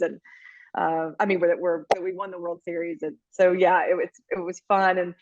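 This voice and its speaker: A woman's voice: fairly low pitch, flat delivery, normal speed, no room sound, highs cut off. A woman co-hosting a podcast, telling stories in an emotional, chatty way. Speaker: podcast co-host. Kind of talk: casual chat.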